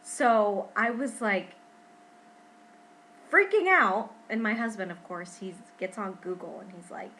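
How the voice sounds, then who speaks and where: A young woman talking casually to her camera at home in a pregnancy vlog, chatty and expressive, often saying "freaking". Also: mid-range voice, normal speed, few pauses, slight background noise, low-quality recording. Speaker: vlogger.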